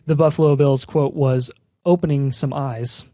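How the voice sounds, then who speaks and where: A man's voice: mid-range voice, fairly even intonation, normal speed, warm tone, dry recording, studio quality. A man co-hosting a casual talk show, making sarcastic, joking asides. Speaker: podcast co-host. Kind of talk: casual chat.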